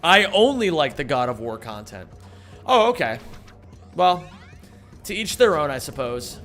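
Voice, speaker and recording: A man's voice: on the high side, big pitch swings, unhurried, a bit bright. A young man streaming, telling rambling, profane jokes in casual chat and answering chat. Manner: rambling, profane, jokey storytelling with put-on voices. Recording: faint music behind.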